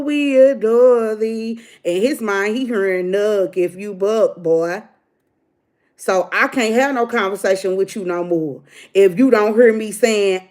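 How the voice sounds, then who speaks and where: A middle-aged woman, ranting bluntly to her livestream viewers like a preacher. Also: medium pitch. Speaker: livestream host. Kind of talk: casual livestream rant.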